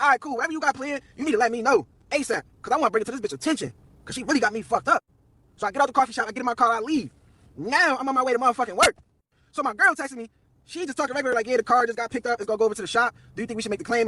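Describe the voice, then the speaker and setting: Fast-talking husky young man telling a story. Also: very high-pitched, sharp tone. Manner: slangy, profane, quoting everyone in turn. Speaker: storytelling streamer. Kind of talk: animated live storytelling.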